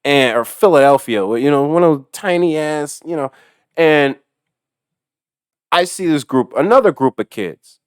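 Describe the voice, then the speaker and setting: A man, a delivery driver, telling a story about his day as a profane, animated rant full of swearing and laughter. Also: on the high side, measured pace, clear, resonant tone, no echo, clean studio sound.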